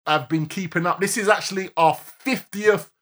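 A man co-hosting a casual live-streamed podcast, bantering and reeling off shout-outs to listeners. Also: high voice, normal speed. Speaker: podcast co-host.

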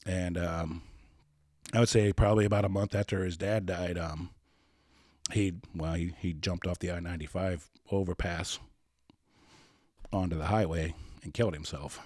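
Man, lowish voice, rambling story, repeats words, swears, dry room. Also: fairly even intonation, normal speed, pauses often, a little mellow, no echo. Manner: rambling, repeats words, swears, acts out both sides of old conversations. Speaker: podcast guest. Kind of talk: casual personal storytelling.

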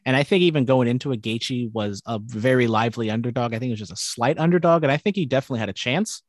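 A man's voice: medium pitch, no echo, clean studio sound. A man co-hosting a podcast, chatting casually about sports with lots of fillers. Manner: quick, filler-heavy talk. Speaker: podcast co-host.

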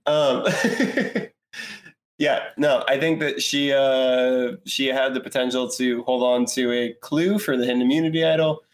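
A man joins a casual podcast chat and talks through his picks. He hesitates often and laughs easily, with a voice of middle pitch. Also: fairly even intonation, measured pace. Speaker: podcast co-host.

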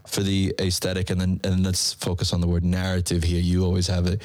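A man with a raspy voice hosting a casual podcast interview, halting with many fillers. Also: low voice, monotone, a little mellow, no room sound. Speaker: podcast host.

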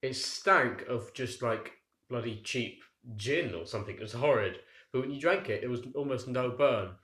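A man's voice: mid-range voice, normal speed, a bit bright. A young man co-hosting a podcast, telling long rambling stories in casual chat and laughing at his own tangents. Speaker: podcast co-host. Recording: roomy echo.

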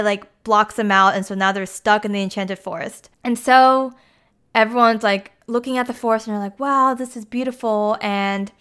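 A woman's voice: medium pitch, a bit bright, clear, resonant tone. Chatty young woman recapping a movie. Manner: chatty, filler-heavy, acts out quotes. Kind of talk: casual film recap.

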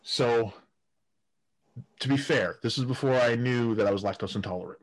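A man's voice: medium pitch, normal speed, a little hiss or hum. A man telling crude stories in a casual podcast chat, laughing often and restarting his sentences. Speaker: guest storyteller.

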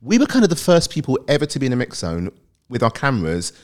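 A man's voice: medium pitch, huge pitch swings. A British man from Britain, a guest on a podcast, telling long rambling stories in casual chat and laughing easily. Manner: rambling storyteller, quick to laugh. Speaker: guest, athletics fan.

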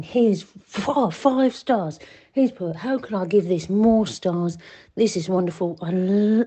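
A woman's voice: mid-range voice, warm tone. A woman putting on a crude, cocky male reviewer persona in a comedy sketch clip, with a bawdy, boastful, hammy delivery.

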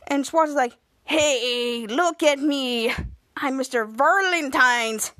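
High-voiced woman recapping a show. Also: slow, sharp tone, dry recording, studio quality. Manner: retells scenes with many "and he's like" quotes. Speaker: podcast host. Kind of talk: casual episode recap.

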